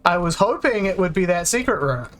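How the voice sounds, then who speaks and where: Gamer streamer, mid-pitched, casual banter, cusses at the game, self-mocking. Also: very animated, brisk, fairly bright tone, a little hiss or hum. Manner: swears freely, joking and self-mocking. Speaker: let's play gamer. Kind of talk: casual gameplay chat.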